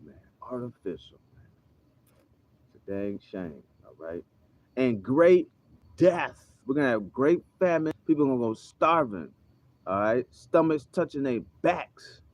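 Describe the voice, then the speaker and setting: Male preacher, deliberate and emphatic, slow, dry and a bit muffled. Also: medium pitch, darkish tone, no room sound. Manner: emphatic, frequent "okay?" and "all right?" checks. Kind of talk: religious teaching. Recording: slightly dull, dry sound.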